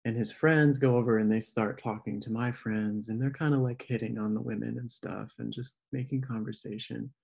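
As a podcast guest, a man tells a personal story in casual conversation, animatedly acting out the voices of the people he quotes. His mid-range voice is gravelly and husky, at a normal speed with few pauses.

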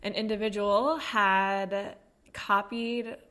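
A woman's voice: mid-range voice, fairly even intonation, slow, bright, forceful tone. A woman co-hosting a casual podcast, chatting loosely with lots of fillers and a morning voice. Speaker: podcast co-host. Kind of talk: casual chat. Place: home studio at a kitchen table.

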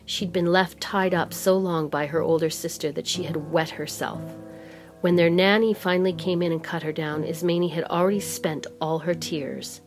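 A woman reading a story aloud as narrator in a measured, steady way. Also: lowish voice. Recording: music playing underneath.

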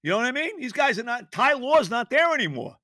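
A man's voice: extremely high pitch, very animated, fast, bright, forceful tone, no echo, studio quality. A middle-aged man hosting a sports podcast, ranting angrily and profanely about his team's loss, worked up and exasperated. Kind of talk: angry sports rant.

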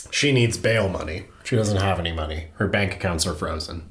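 A man's voice: sits low, a little fast, a bit bright, reverberant. A man hosting a podcast, retelling a true-crime story in a loose, conversational way with fillers and easy laughs. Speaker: podcast host.

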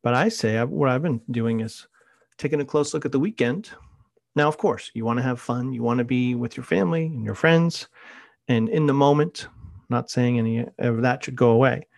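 In a relaxed podcast monologue, a middle-aged host wanders from one anecdote to the next. He speaks at normal speed in a middle-pitched, darkish voice with vocal fry, and the recording is dry and close, with no sense of room.

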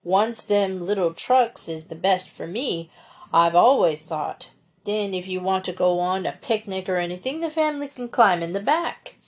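Woman reading, puts on slow, drawling old farmer, stubborn, hard of hearing. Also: medium pitch, lightly acted.

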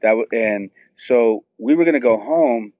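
A man in his thirties excitedly telling a story as a guest, acting out what others said. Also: measured pace, no room sound. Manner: excited, acts out quotes with high squeals. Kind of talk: animated storytelling. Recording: tinny phone-line sound.

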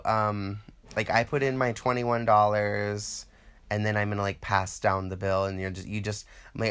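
Casting: man, low-pitched, loose and profane, comic rant that acts out other people's lines. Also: fairly quick, clear, resonant tone. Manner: rambling, profane, animated quoting of others. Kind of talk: casual comedic monologue.

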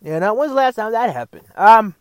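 A man's voice: sits high, expressive, brisk, no echo. A man rambling sarcastically to the camera from a parked car, stammering, repeating himself and swearing a lot. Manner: repetitive, stammering, frequent swearing. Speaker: vlogger.

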